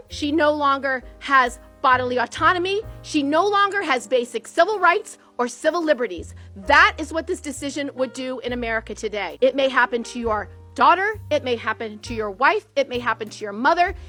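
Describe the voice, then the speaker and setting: A woman's voice: high voice, a bit bright. A woman giving an impassioned political speech, emphatic and repeating phrases for emphasis.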